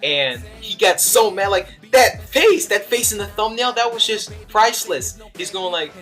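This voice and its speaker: A young man chats his way through an anime episode review, excitable and rambling, stumbling over restarts and fillers as he goes. His voice sits a little high and comes across bright and forceful. Light background music plays under the recording. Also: normal speed, hardly any pauses. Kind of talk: casual video review.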